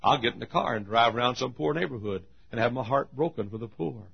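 A gravelly, husky older man preaches a sermon. He swings between quiet, hushed storytelling and sudden shouted peaks. The recording is dull and lo-fi. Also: mid-range voice, fast. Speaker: pastor.

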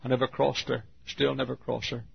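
Man, 50s, from Texas, preacher, husky, earnest storytelling sermon, dull lo-fi recording. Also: mid-range voice, level tone. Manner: earnest, drawn-out storytelling with emotional swells.

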